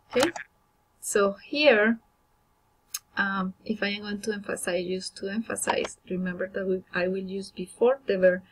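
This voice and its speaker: A woman's voice: medium pitch, noisy background. Woman teaching grammar with many fillers. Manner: explanatory, many fillers and restarts. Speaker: Spanish teacher. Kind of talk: recorded grammar lesson.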